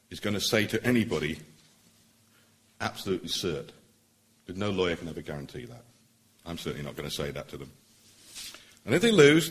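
A middle-aged man, a barrister, giving an earnest, persuasive public speech at a meeting, pausing for emphasis. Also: deep voice.

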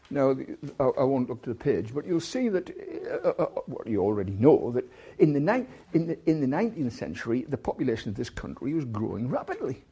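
A man's voice: on the high side, mellow, breathy edge. A man giving a rambling university lecture, full of restarts, stumbles and asides.

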